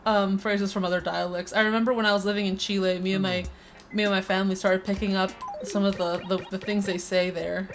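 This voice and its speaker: While streaming a game, a woman from Peru talks fairly quickly in a mid-range, fairly flat voice, with a slight Spanish accent and crisply over-pronounced consonants. Her talk is chatty and rambling with many restarts, and background noise plus faint game music can be heard.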